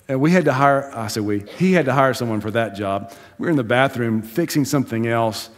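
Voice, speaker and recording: Talking fast with few pauses, a mid-voiced pastor preaches in a conversational, story-driven style, laughing and steadily raising the emphasis. The church gives the recording a long hall reverb.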